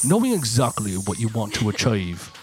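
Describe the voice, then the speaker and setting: A man putting on a pompous British accent to read self-help advice aloud slowly. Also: fairly low pitch, wildly swooping pitch, crowd noise. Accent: put-on British. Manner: slow, pompous reading.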